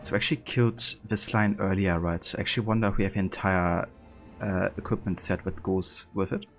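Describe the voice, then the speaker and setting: A man's voice: deep voice, a little fast, faint music behind. A man streaming a video game live, chatting casually and thinking aloud as he plays. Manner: relaxed, thinking aloud with fillers.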